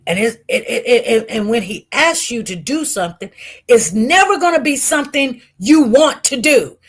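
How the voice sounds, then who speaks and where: A woman telling viewers a personal testimony with great intensity, swinging from loud outbursts to hushed murmurs and often repeating herself. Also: on the high side, expressive, normal speed, breathy edge. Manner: repetitive, restarts. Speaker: online show host.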